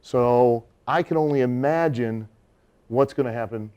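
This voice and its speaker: A middle-aged man, a wrestler, telling a long anecdote in a casual interview, animated and laughing often. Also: mid-range voice, unhurried, muffled recording.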